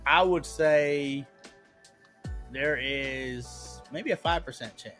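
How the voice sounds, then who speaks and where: A man's voice: mid-range voice, takes it slowly, fairly bright tone, soft background music. A man co-hosting a podcast in casual chat, blunt and joking, swearing often. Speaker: podcast co-host.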